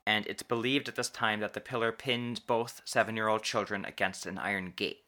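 Podcast host, male, low and bright, casual storyteller who slows down to stress key words. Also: steady tone. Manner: halting, restarts and stretched emphasis on key words.

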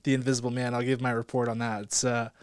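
A man's voice: mid-range voice, level tone, quick pace, no room sound, clean studio sound. A man co-hosting a casual movie podcast, playful and teasing, laughing often. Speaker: podcast co-host.

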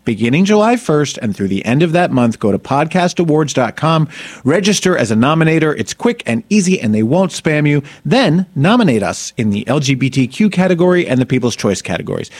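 A man's voice: medium pitch, very animated, brisk, a little mellow. Campy male podcast host, brash and jokey, mid-range voice. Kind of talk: comedic podcast chat.

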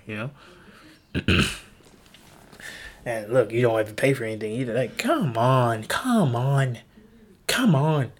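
A young man rambles through a solo podcast from a room at home, his pitch jumping all over as he talks. He is loose, profane and quick to mock himself, with a middle-pitched voice. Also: animated. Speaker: podcast host.

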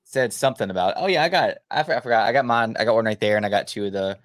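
A man's voice: fairly low pitch, racing, no room sound, studio quality. A man from Louisiana with a faint Southern country accent, co-hosting a podcast in rambling casual chat full of fillers. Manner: rambling, filler-heavy, laughs at own stories. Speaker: podcast co-host.

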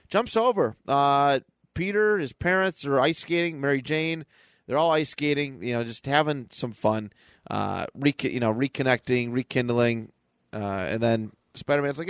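A man's voice: medium pitch, clear, resonant tone, dry recording. Man animatedly recapping a comic. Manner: animated storytelling, quick character voices. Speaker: podcast co-host. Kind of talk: casual chat, recapping a comic book.

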